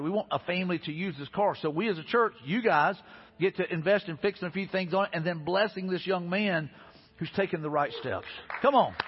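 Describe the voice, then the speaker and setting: A man preaching from the pulpit with a high, somewhat husky voice. He talks earnestly, repeating key lines and rising to emphatic peaks. The sound is dull and echoes through a large church hall, with faint music underneath. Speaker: pastor. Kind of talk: sermon. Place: church sanctuary.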